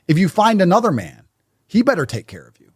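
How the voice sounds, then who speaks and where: A man's voice: sits high, huge pitch swings, brisk, breathy edge. A man speaking as a guest in a podcast conversation, blunt and emphatic in his statements.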